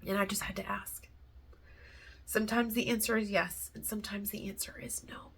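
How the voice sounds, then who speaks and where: A woman vlogger speaks to camera with a gravelly, husky voice. She talks about faith in an earnest, heartfelt way and drifts into chatty, rambling asides. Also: medium pitch, flat delivery, normal speed, fairly bright tone. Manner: earnest and heartfelt, close to tears at times; chatty and rambling between thoughts. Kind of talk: casual faith talk to camera.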